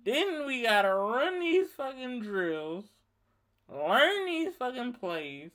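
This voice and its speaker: A young man in his twenties from Louisiana, hosting a solo podcast and telling a story in a heated, profane, animated rant. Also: very high-pitched, slow pace. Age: 20s. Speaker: podcast host. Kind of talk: ranting solo monologue.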